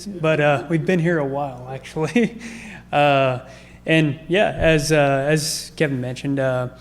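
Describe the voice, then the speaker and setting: A man's voice: a little high, measured pace. A man, a sales executive, speaking in a friendly, casual way during a presentation to a city council.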